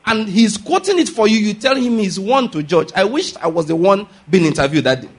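High-pitched husky male preacher. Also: animated, fairly quick. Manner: emphatic, asks rhetorical questions and repeats key lines; calls for audience responses. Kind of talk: sermon.

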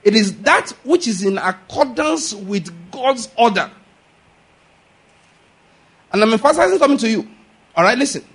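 A man's voice: very high-pitched, lively intonation, moderate pace, long pauses, a bit bright, slightly rough. A man preaching a sermon, emphatic, asking rhetorical questions, repeating key lines and calling for the audience to answer. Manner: calls for audience responses.

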